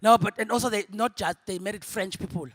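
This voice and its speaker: Young South African woman, Zulu first language, stand-up comic; lively and quick to laugh, loud punchlines and quiet asides, dry close sound. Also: medium pitch, no echo. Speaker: stand-up comedian. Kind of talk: stand-up comedy set. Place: convention ballroom.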